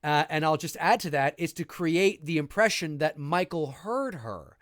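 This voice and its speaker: Canadian man in his forties, high pitched, chatty co-host reading comments, dry recording. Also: normal speed, dry recording. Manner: chatty and animated, reads out viewer comments. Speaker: podcast host. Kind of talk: casual live movie commentary.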